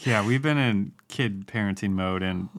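A man co-hosting a casual podcast, slowing down to stress scripture quotes and rambling easily in between. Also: lowish voice. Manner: slow, emphatic when quoting scripture; relaxed, rambling. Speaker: podcast co-host.

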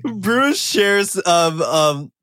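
A man's voice: high voice, drawn-out words, smooth, dry recording. Laid-back man recapping a film. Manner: laid-back, swears freely, gets loud and excited when joking. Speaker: podcast co-host recapping a film. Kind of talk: casual movie recap chat.

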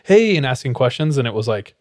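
A man's voice: mid-range voice, no room sound. Jokey man, dry close sound. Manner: jokey, quick reactions. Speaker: podcast co-host. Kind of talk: casual chat.

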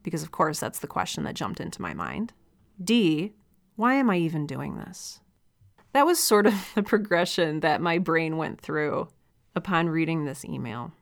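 A woman's voice: low-pitched, very animated, normal speed, creaky. A young woman hosting a podcast, speaking candidly and reflectively in casual solo talk, with light laughs as she goes. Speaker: podcast host and audio drama creator.

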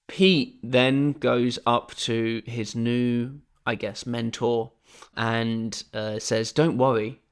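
A man co-hosting a podcast, recapping a film's plot with wry, candid asides. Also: mid-range voice. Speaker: podcast co-host. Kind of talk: casual film discussion.

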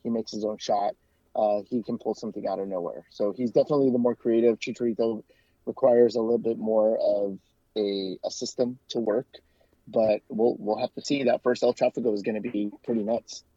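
Dark-toned man in a lo-fi remote interview. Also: on the low side, steady tone, no room sound. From United States. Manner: chatty, talks in quick bursts with frequent restarts and fillers. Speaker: guest, soccer club fan and podcast co-host. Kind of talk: casual interview.

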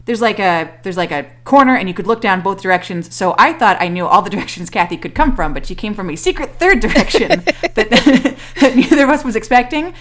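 A woman's voice: mid-range voice, expressive, fairly quick, few pauses, fairly bright tone, slight background noise. A woman co-hosting a podcast, chatting casually and rambling with lots of fillers and restarts, with dry self-mocking humor. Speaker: podcast co-host. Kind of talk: casual chat.

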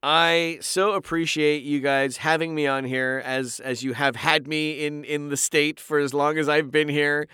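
The Canadian voice-actor guest talks in an unhurried way with hardly any pauses, his clean-toned voice on the high side. Animated and prone to impressions, he tells booth stories in a casual interview, recorded at studio quality without echo.

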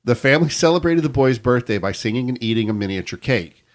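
A man hosting a podcast, reading a news account aloud to his co-hosts in a measured storytelling way. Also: mid-range voice, lively intonation. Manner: measured storytelling with quoted reports. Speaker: podcast host telling the story.

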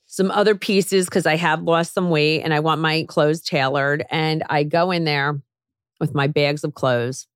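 A woman's voice: sits low, unhurried, no room sound, studio quality. A woman hosting a podcast, telling a story in casual chat and acting out the voices of people she quotes. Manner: animated storyteller who acts out quoted voices. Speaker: podcast host.

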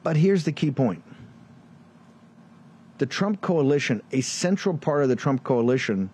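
A combative man hosts a political commentary show. He fires off rhetorical questions and sarcastic asides at a middling pitch. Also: sing-song, a little slow, warm tone, slightly rough. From Virginia, USA. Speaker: show host.

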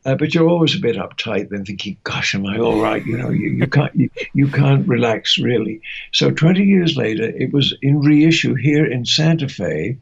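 Older male guest, raspy voice, anecdotal, slightly dull recording. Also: mid-range voice, expressive, normal speed. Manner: warm anecdotal storytelling with chuckles. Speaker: interview guest, voice actor. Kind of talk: reminiscing interview. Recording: muffled lo-fi audio.

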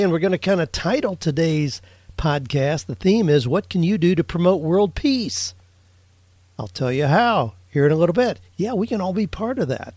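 A man's voice: mid-range voice, a little mellow, dry recording. A man hosting a solo podcast, chatting through listener questions. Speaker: podcast host.

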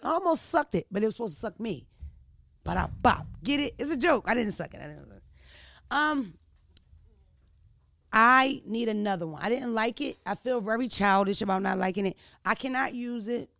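A woman hosting a casual chat, telling stories in an animated, laughing and profane way. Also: on the high side, normal speed, no echo, clean studio sound. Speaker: podcast host.

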